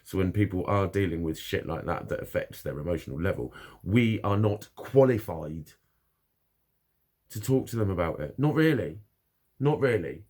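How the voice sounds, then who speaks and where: A man's voice: low voice, animated, normal speed, darkish tone. A man talking frankly and bluntly in a casual monologue, swearing constantly as he opens up about his own experiences. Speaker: vlogger.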